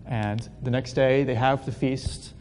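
A man telling a Bible story as a relaxed, casual lesson, full of fillers and joking asides. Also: unhurried. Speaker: Bible teacher. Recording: long hall reverb, faint rumble.

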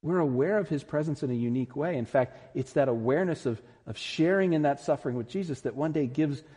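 A male pastor delivers an earnest, emphatic sermon that climbs to strong peaks. His voice is mellow and slightly husky at a mid pitch. A long reverb from a large hall follows each phrase. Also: fast.

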